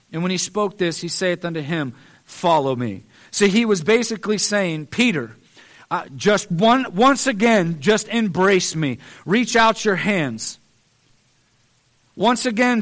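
A man's voice: sits high, a bit bright. A man preaching a sermon, earnest and pleading, building emphasis on repeated phrases.

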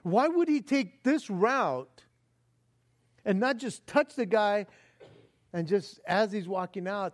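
High-voiced animated male preacher. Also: takes it slowly, long pauses. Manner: animated, swings between booming and hushed; repeats words, restarts. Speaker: pastor. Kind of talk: sermon.

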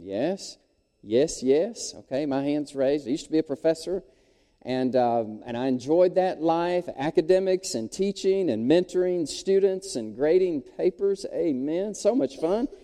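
Animated pastor in an echoey hall. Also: male voice, fairly high pitch. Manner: animated storyteller, audience call-outs. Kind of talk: sermon. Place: church sanctuary, long reverb.

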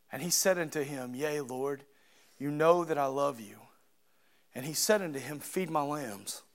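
A man preaching a sermon, swinging from quiet, low reflection to loud, high-pitched fervor.

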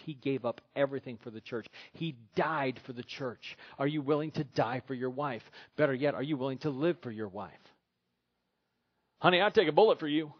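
Male pastor, middle-aged, delivering a sermon with humor, mid-pitched voice, muffled church recording. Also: husky. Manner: preaching with humor, putting on silly voices for a husband.

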